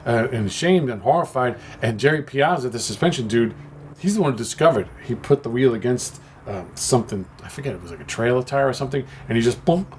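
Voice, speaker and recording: A man's voice: mid-range voice, animated, quick pace, slight background noise. A man who makes and sells motorcycle parts, talking in a candid, passionate and rambling way about his work. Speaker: parts maker and shop owner. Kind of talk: candid personal video talk.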